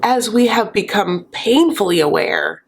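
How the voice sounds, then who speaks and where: A woman hosting a casual TV recap, gossipy and sassy with quick joking asides. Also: medium pitch, wildly swooping pitch, slight background noise. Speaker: recap host.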